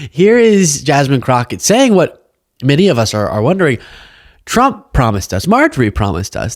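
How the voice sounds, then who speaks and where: A man's voice: mid-range voice, dry recording, clean studio sound. A young man hosting a political commentary show, talking casually and sarcastically and laughing often.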